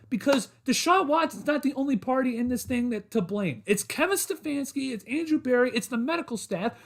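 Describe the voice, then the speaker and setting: A man's voice: extremely high pitch, a bit bright. A man hosting a solo sports podcast livestream, talking to his chat in a frustrated, repetitive rant.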